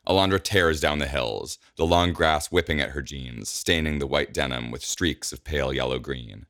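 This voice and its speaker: Man with a super deep voice reading a story, measured and steady, dry close sound. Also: no echo. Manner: measured, descriptive. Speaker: narrator. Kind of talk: scripted narration.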